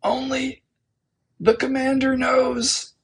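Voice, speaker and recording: A man's voice: big pitch swings, slow pace, slightly rough, heavily acted. A man voicing a desperate rebel officer who gets out his words strangled and choked. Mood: choked defiance. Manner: strangled, choked and high-pitched. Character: choking male rebel officer, defiant and desperate.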